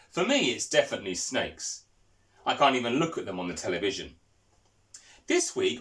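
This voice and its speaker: Lively-voiced man preaching a sermon. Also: medium pitch. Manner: storytelling, asks the listeners questions.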